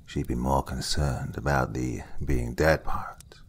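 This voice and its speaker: A man doing a gruff, blunt older forensic investigator. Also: low-pitched, expressive, unhurried, a little hiss or hum. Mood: curt, lecturing. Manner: blunt, curt, lecturing, some lines whispered.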